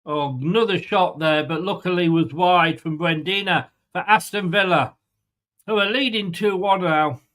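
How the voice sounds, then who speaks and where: Hosting a fan channel's live football watchalong, this Englishman swears freely and bluntly, sarcastic and fed up with the game as he ribs his chat. He speaks at a normal speed in a high, fairly bright voice.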